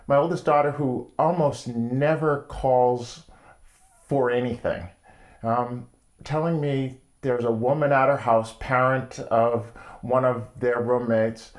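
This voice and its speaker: A middle-aged man hosting his own show, telling a story in a wry, casual monologue with frequent pauses. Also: mid-range voice. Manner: wry, storytelling, pausing often. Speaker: host.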